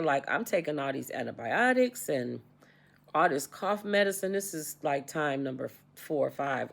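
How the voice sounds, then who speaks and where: Gravelly-voiced woman in her sixties. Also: low voice. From United States. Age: 60s. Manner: repetitive, animated retelling with quoted dialogue. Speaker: vlogger. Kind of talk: casual storytelling.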